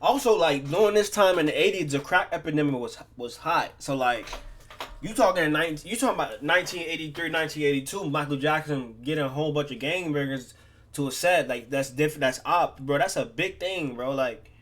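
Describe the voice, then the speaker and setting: A man's voice: on the high side, fairly quick, a bit bright, slight background noise. Laid-back, slangy male reaction host. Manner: laid-back, slangy, repeats "man" and "bro". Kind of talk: casual reaction chat.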